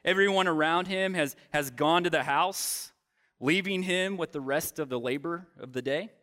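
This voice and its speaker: A man preaching a sermon, retelling a Bible story with dramatic pauses and voiced lines for the characters. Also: a little high, sharp tone.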